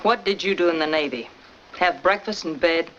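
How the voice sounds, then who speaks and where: A woman's voice: lowish voice, normal speed, a bit bright, a little hiss or hum, close to an everyday voice. An actress playing a sensible, wry wife and mother in a 1940s film. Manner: dry, wry, patient. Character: sensible wry housewife, adult. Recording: dull old film soundtrack with music.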